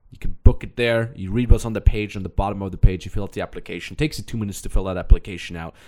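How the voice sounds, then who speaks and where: A man's voice: lowish voice, racing. Blunt, pushy male podcast coach. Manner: pushy, blunt and energetic, repeating key phrases. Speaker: podcast host and online business coach. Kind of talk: motivational podcast monologue.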